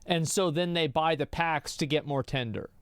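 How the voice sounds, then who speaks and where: A man streaming as he reacts to a video, blunt and dismissive, swearing freely and breaking into loud mocking rants. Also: on the high side, moderate pace, clear, resonant tone, no room sound, clean studio sound. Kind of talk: casual reaction commentary.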